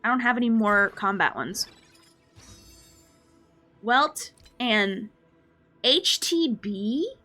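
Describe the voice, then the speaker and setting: A woman live streaming a game, chatting casually with her viewers in an animated, playfully ranting and mock-scolding way. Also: on the high side, slow pace, long pauses, soft background music. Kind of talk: casual gaming stream chat.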